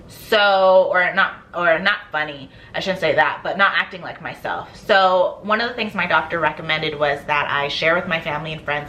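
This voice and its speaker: A woman's voice: on the low side, bright, forceful tone, a little hiss or hum. A woman vlogger chatting casually about her skincare, laughing often and acting out stories. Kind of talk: casual chat.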